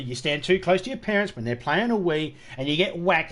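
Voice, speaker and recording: A man's voice: on the high side, lively intonation, quick pace, hardly any pauses, fairly bright tone. Swearing, joking middle-aged male streamer. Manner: joking, heavy swearing, rambling anecdotes. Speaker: game streamer. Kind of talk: casual live-stream chat.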